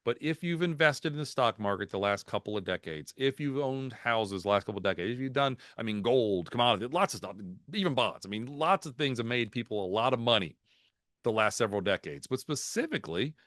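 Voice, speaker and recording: A man giving a lively, folksy market talk on a video call, mixing jokes and anecdotes into the numbers. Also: medium pitch, a little fast, no echo, studio quality. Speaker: market strategist guest speaker. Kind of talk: webinar presentation.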